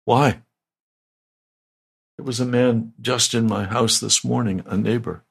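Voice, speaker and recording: An older man, a pastor, giving a slow, deliberate, conversational sermon. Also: medium pitch, fairly even intonation, gravelly, husky.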